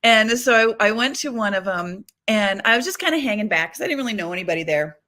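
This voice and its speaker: A woman guest on a talk show, a psychic medium telling stories in a chatty, animated way full of fillers. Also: mid-range voice, quick pace. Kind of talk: casual storytelling conversation.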